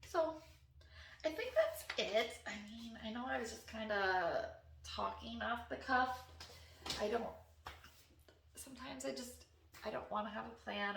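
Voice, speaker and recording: A woman's voice: medium pitch, gravelly, fairly bright tone, roomy sound, far from the mic, a little hiss or hum. A woman wellness coach, talking unscripted and earnestly to camera, encouraging and sometimes emotional. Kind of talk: unscripted heartfelt talk to camera.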